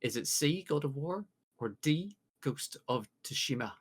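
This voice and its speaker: A man from the UK hosting a casual podcast quiz, joking along and reading out multiple-choice questions with drawn-out pauses. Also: fairly high pitch, lively intonation, breathy edge. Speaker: quiz host.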